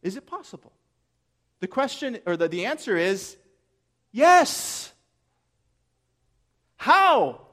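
A man delivering a sermon in a slightly high, earnest voice. He preaches emphatically and poses rhetorical questions, letting key phrases land slowly. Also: animated. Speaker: pastor.

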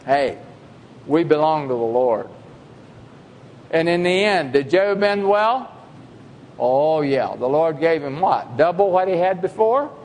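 High-voiced preacher in a reverberant hall. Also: male voice, expressive, slow, long pauses, a little mellow, a little hiss or hum. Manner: emphatic, with rhetorical questions to the congregation. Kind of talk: sermon.

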